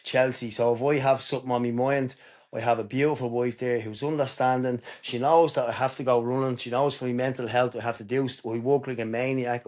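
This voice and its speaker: A man's voice: medium pitch, a little mellow. Earnest Irish man telling his story. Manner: earnest, emphatic, tells stories openly. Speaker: podcast guest. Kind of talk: candid personal storytelling.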